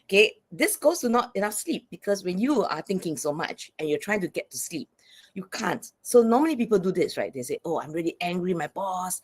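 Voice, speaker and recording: A woman's voice: mid-range voice, sing-song, a little fast, slightly rough. A woman speaking as a psychologist and coach guest in an interview, earnest and explanatory, often checking in with "right?".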